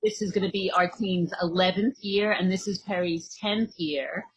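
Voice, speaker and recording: A woman's voice: lowish voice, steady tone, normal speed, breathy edge, low-quality recording. A woman hosting a casual interview, enthusiastic and supportive, with many fillers. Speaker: interviewer, podcast host.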